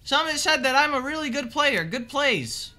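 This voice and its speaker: A man's voice: very high voice, big pitch swings, normal speed. Joking, swearing young male streamer. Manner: joking, sarcastic, swears a lot, jumps between mumbling and shouting. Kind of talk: casual live-stream chat, answering viewers. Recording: game stream with clear background music.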